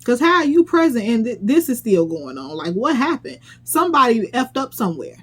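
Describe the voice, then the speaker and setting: A woman's voice: on the high side, very animated, brisk, breathy edge. Sassy blunt woman recapping reality TV. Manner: sassy, blunt, profane, incredulous. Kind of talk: casual commentary vlog.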